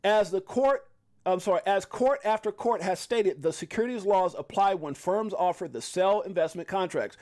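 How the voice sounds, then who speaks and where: Animated high-voiced male stream host. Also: normal speed. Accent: African American English. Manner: animated, shouts hype lines, self-correcting. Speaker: crypto live-stream host. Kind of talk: casual live-stream commentary.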